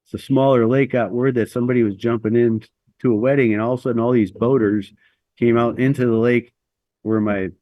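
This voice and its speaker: A man's voice: mid-range voice, fairly even intonation, brisk, no echo, highs cut off. A middle-aged man telling a long personal story as an interview guest, rambling and self-deprecating with lots of fillers.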